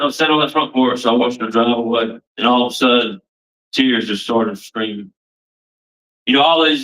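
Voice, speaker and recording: A man's voice: medium pitch, pushed and bright. Man telling his story from far off. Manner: rambling, restarts often, casual Southern phrasing. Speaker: testimony speaker. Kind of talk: personal testimony.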